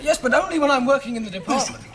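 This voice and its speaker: A young actor playing a flustered, well-meaning young doctor who stammers and sounds bewildered. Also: male voice, very high-pitched, expressive, rapid-fire. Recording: sitcom audience laughter, faint hiss.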